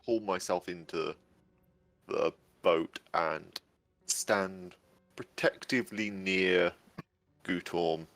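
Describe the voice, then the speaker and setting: A man's voice: low-pitched, slow, long pauses, a bit bright, faint music behind. A man playing in a tabletop game, describing his moves loosely and hesitantly. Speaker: player.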